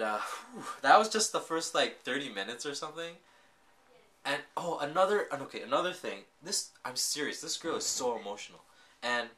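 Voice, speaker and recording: A man casually recapping and reviewing a TV drama, telling the story in an animated way full of filler words. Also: mid-range voice, slight background noise.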